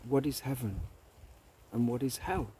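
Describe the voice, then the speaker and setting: A man's voice: mid-range voice, unhurried, dark tone, slight background noise, voice pushed up, close to an everyday voice. A man voicing a proud, hot-tempered king in a spoken parable, with imperious, emotional delivery. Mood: pleading.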